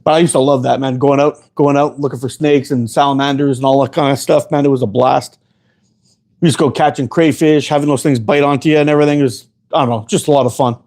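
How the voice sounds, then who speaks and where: A man's voice: mid-range voice, steady tone, quick pace, a little mellow. A man hosting a casual show, telling rambling stories full of profanity, often laughing. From Canada. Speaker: host. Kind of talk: casual storytelling chat.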